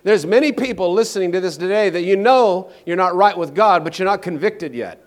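A man preaching a personal testimony sermon, emphatic, swinging between loud declarations and hushed low passages. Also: animated, a little fast.

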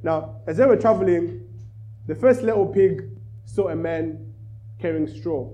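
Animated preacher telling a story. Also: male voice, fairly high pitch, measured pace, low-quality recording. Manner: animated storyteller, rising in volume. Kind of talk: sermon with storytelling.

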